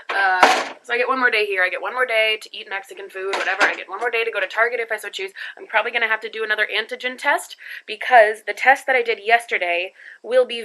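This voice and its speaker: A woman's voice: mid-range voice, bright, forceful tone, poor audio. A young woman vlogging casually from home and then from a car, rambling and laughing at herself. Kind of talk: casual travel vlog.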